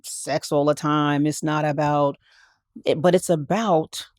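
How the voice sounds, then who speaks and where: A woman with a low, deep speaking voice talks reflectively in a heartfelt interview. She often stops and restarts her phrases as she works out her thoughts. The studio sound is dry and close. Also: fairly even intonation, a little slow, a little mellow, no room sound. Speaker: guest. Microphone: podcast studio mic.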